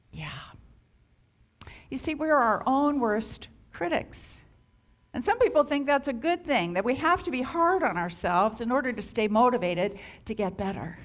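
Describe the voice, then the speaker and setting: Earnest woman preaching a sermon. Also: sits high. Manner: earnest, acts out quoted inner voices. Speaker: minister.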